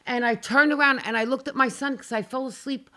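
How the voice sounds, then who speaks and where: On a casual talk show, a woman tells a frightening personal story, animated and dramatic, acting out her own cries and swearing along the way. Her voice is high-pitched and her pace brisk.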